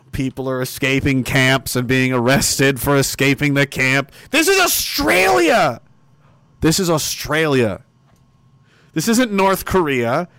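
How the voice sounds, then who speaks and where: A man commenting sarcastically on news headlines in a casual, animated way. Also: on the high side, dry recording. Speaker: commentary streamer.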